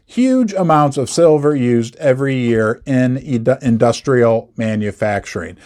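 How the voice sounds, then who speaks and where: A man's voice: fairly high pitch, darkish tone. A man hosting a commentary video on the metals markets, talking emphatically, repeating words for effect and dropping sarcastic asides. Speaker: investment video host. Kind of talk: scripted commentary to camera.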